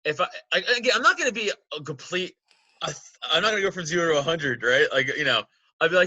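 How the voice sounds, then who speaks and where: A man in his thirties hosting a casual podcast, swearing freely and laughing often. His voice is high and very bright. He is recorded close on a dry mic. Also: fast talker, slightly rough, dry recording, lo-fi sound. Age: 30s. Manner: profane, animated, laughs often. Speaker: podcast host. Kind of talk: casual chat.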